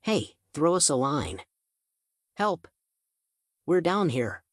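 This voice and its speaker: A man doing a shrill, fed-up teenage girl. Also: lively intonation, measured pace, no room sound, clean studio sound. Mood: pleading. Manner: pleading then exasperated shouting. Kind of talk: audiobook character voice.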